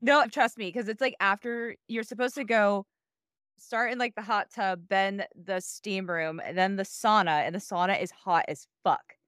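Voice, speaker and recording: A woman co-hosting a podcast over a remote call, chatting casually, excitable and swearing freely. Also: mid-range voice, normal speed, clear, resonant tone, no echo, clean studio sound. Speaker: podcast co-host.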